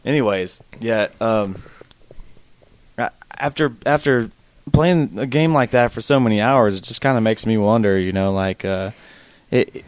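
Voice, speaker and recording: Male podcast co-host, lowish voice, hesitant and giggly, dry close sound. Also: measured pace, no echo. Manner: hesitant, many restarts, laughs easily. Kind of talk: casual chat.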